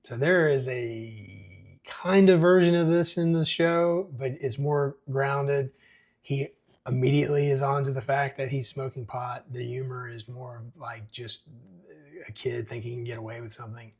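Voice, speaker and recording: A man hosting a screenwriting show who reads a screenplay aloud and breaks it down with casual, relaxed asides. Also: mid-range voice, normal speed. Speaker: screenwriting podcast host.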